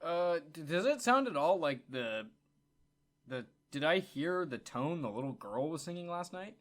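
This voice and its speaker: A man's voice: on the high side, sing-song, moderate pace, fairly bright tone. Hesitant young man playing a tabletop game. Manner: hesitant with many restarts, slips into character talk. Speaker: player. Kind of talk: tabletop role-play.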